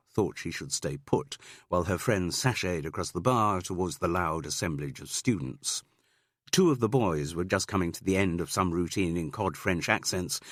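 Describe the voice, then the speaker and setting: Low-voiced male audiobook narrator. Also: no echo, studio quality.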